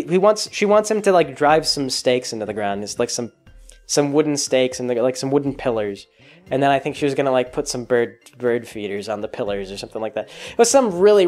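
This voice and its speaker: A man hosting a podcast, talking in a casual, rambling monologue full of restarts and fillers that turns animated when he is amused. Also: a little high. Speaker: podcast host.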